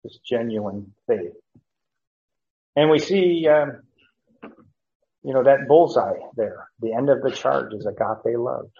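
A man teaching verse by verse from the Bible, halting with many fillers and restarts, chuckling now and then. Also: mid-range voice, creaky. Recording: dull lo-fi recording.

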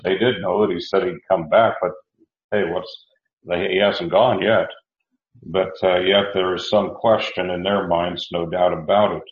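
A man's voice: low voice, steady tone, measured pace. A man preaching a Bible lesson in a plain, folksy way, stopping to correct himself and to explain Greek verb forms. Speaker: preacher teaching scripture. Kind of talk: Bible teaching sermon. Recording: dull roomy recording.

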